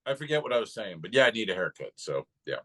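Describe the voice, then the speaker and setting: A man's voice: fairly low pitch, big pitch swings, quick pace, pushed and bright, poor audio. A man, a stand-up comedian, chatting loosely on a podcast and retelling gigs with plenty of swearing. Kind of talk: casual chat.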